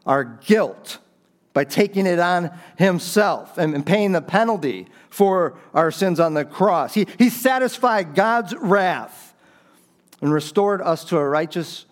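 A man's voice: high-pitched, expressive, slow pace. A man preaching a sermon in an earnest, conversational way, explaining scripture with frequent restarts. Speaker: pastor.

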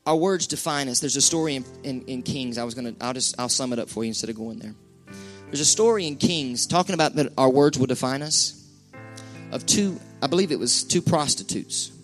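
A man's voice: mid-range voice, fairly quick, faint music behind. A male pastor preaching a sermon to his church in a folksy, conversational way with colloquial asides.

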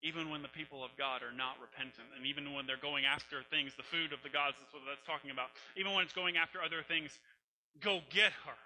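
A man's voice: fairly high pitch, steady tone, fast, sharp tone, a little hiss or hum, rough recording. A man preaching a sermon, telling a scripture story in an emphatic, conversational way. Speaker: pastor.

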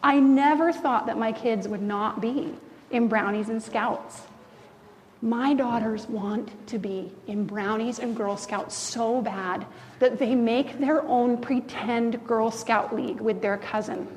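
A woman in her thirties co-hosting a faith talk show, telling stories in a lively way and acting out the people she quotes. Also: fairly high pitch, slow, a little hiss or hum. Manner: animated, acts out quoted voices. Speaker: co-host. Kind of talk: faith-based conversational storytelling. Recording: long reverb.

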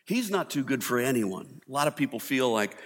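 A man's voice: mid-range voice, big pitch swings, brisk. Male pastor, chatty humorous sermon delivery, long hall reverb. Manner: humorous, conversational preaching with acted quotes.

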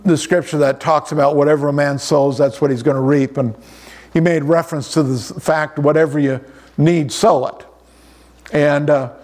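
A man's voice: fairly high pitch, darkish tone. A middle-aged man preaching a conversational sermon, often repeating words as he restarts his sentences. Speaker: pastor.

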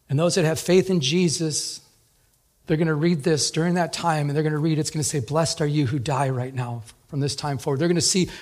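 A man's voice: fairly high pitch, a little mellow. A man preaching a sermon as a pastor, telling stories in a conversational way, often repeating words.

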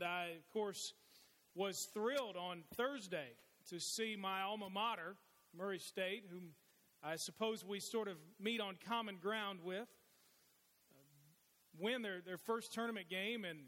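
A man's voice: high-pitched, a little slow, sharp tone. A middle-aged man preaching a sermon as pastor, telling folksy stories with frequent restarts. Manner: folksy storytelling with many restarts. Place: church sanctuary. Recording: long reverb of a large hall.

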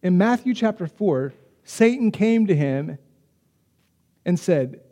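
A man delivers a sermon with a high, mellow voice. He preaches in a chatty, animated way and keeps slipping into quick acted asides. His voice rings through a hall with a long reverb. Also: highs cut off. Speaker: pastor.

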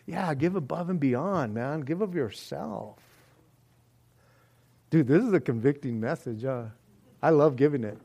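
A man preaching a sermon in a joking, animated way, acting out little prayers and voices as he goes. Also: on the high side, a little slow, pauses often. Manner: animated, jokey, acts out quoted prayers and voices. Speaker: pastor.

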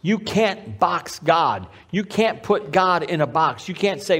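Slightly high-voiced man preaching, emphatic. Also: animated, fairly bright tone. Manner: emphatic repetition of key phrases; varies pace, slowing on key lines. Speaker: pastor. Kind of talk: sermon.

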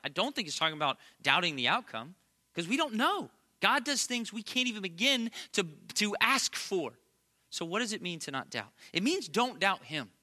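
Male preacher, thirties, high and ringing tone, conversational sermon with humor. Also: pushed and bright. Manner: conversational and emphatic, with playful asides. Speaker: pastor.

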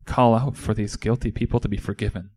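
Low-voiced man telling a passionate monologue. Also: steady tone, fairly quick, a little mellow. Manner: impassioned, indignant storytelling. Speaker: dramatic monologue performer. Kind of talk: first-person dramatic monologue as a disciple.

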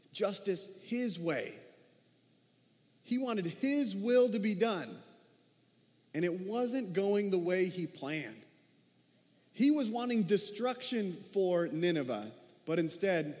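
A man delivers a sermon in a fairly high voice. He preaches in a conversational way and keeps turning to the congregation with rhetorical questions. His voice carries a long reverb, as in a large hall. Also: animated, takes it slowly, pauses often, darkish tone. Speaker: pastor.

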